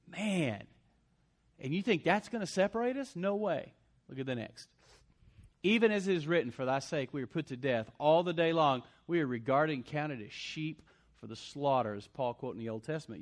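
Animated preaching man, slightly high voice. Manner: animated preaching, swings between loud punchy lines and low asides. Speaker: pastor. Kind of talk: sermon.

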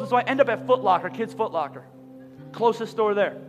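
A man in his thirties from Philadelphia, preaching a sermon in a large church and telling a lively personal story. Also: high voice, a little fast. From Philadelphia, USA. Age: 30s. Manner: animated, rising to near-shouting. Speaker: pastor. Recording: long hall reverb, faint music.

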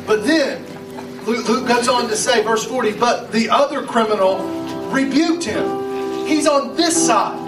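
A preacher from West Virginia delivers a sermon in a very high voice, acting out parts with dramatic pauses. He sounds set back from the microphone in a roomy space, with soft music underneath. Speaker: pastor. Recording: echoey, from far off, faint music.

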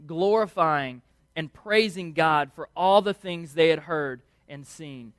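A man preaching a sermon, telling the story in a lively, casual way and acting out voices of the people in it. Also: a little high, dry recording, studio quality. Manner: animated storytelling, acts out voices.

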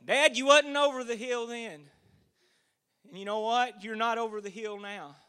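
High, bright-voiced man in his forties preaching. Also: steady tone, normal speed, clear, resonant tone. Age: 40s. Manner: folksy storytelling that builds to fervent emphasis. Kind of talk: sermon.

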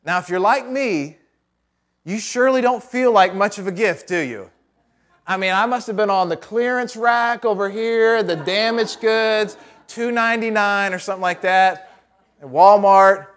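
Guy preaching, kinda high voice, talks to the church casual, lots of "isn't it?" questions and little jokes. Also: moderate pace, a bit bright. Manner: conversational, with rhetorical questions and joking asides. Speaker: pastor. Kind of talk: sermon.

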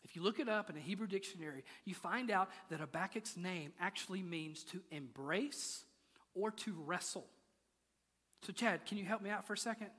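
A man's voice: sits high, moderate pace, fairly bright tone, breathy edge. A man preaching a sermon in a church, moving from playful asides to intense, rising appeals. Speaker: pastor. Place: church sanctuary. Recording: large hall with long reverb.

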